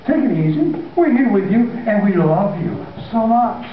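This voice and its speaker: A man's voice: sits high, sing-song, normal speed, slight background noise, pitched above the performer's own voice. A preacher playing complacent grown sons who talk down soothingly to their frantic father. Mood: smug. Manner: smug, patronizing, breezy. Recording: echoey hall from far off, dull.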